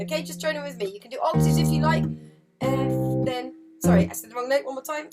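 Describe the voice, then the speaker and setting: A woman's voice: sits high, fast talker, over loud music. A woman teaching an online group harp lesson, counting rhythms aloud and singing the notes in an encouraging way. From United Kingdom. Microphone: video call setup. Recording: loud harp playing behind the voice.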